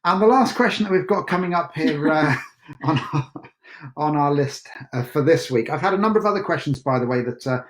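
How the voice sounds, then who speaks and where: A man's voice: a little high, lively intonation, fairly quick. Chatty self-mocking man in echoey room. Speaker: host. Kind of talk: casual Q&A chat.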